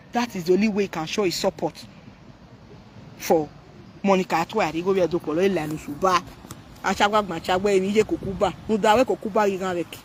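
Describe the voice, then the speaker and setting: A man's voice: high-pitched, a little hiss or hum. A man with a Nigerian accent talking to viewers on a live stream, ranting animatedly and mixing Pidgin, Yoruba and English.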